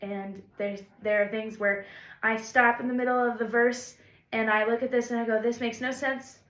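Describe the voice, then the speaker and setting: A fairly high-voiced woman chats to the camera about making things, rambling and encouraging with some self-deprecating asides. Her voice rings around a roomy, echoey space. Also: little pitch movement, normal speed, a bit bright. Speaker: songwriter vlogger. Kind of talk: casual reflective talk to camera.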